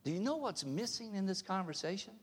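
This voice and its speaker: A man's voice: high-pitched, expressive, brisk, husky, long reverb tail. A male pastor preaching a sermon, emphatic, often asking the congregation questions. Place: church sanctuary.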